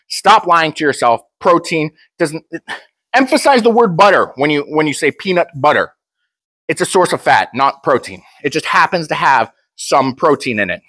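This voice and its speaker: A man's voice: fairly high pitch, fairly bright tone, dry recording. A young man talking casually to camera, blunt and joking, rambling with frequent restarts. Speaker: powerlifter vlogger.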